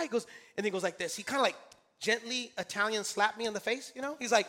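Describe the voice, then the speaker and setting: A male preacher in a church sanctuary speaks fast in a high-pitched, pushed, bright voice. His sermon is emphatic and repetitive, with key phrases repeated and calls to the congregation for responses.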